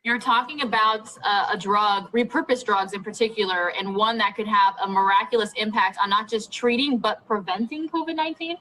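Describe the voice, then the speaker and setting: A woman hosting a TV news interview, asking measured, brisk questions. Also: mid-range voice, sharp tone, slight background noise, low-quality recording. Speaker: news host.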